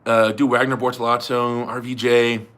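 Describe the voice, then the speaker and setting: A man's voice: mid-range voice, little pitch movement, moderate pace, a bit bright. A man hosting a casual livestream fundraiser, rambling and chatting with viewers and laughing often. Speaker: livestream host.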